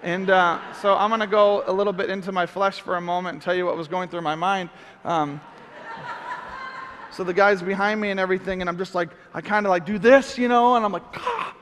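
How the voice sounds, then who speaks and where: A middle-aged man preaching, telling a story with lively acted-out outbursts. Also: sits high, a little fast, in a large hall, slight background noise. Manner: animated storyteller, acts out shouts. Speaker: pastor. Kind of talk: sermon storytelling.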